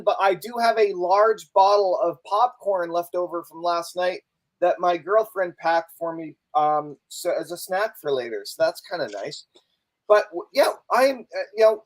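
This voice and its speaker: Man, high voice, playful co-host, teasing, chatty. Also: rough recording. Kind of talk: casual live-stream chat.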